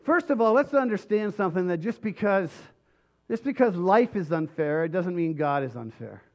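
A man preaching a sermon with emphatic delivery and frequent restarts, his voice slightly hoarse. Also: sits high, animated, moderate pace, a little mellow. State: voice going hoarse. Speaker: pastor.

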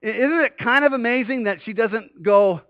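Animated preaching man, dry dull sound. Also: moderate pace, no echo. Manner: animated preaching, swells louder and higher for emphasis. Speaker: pastor. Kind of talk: sermon.

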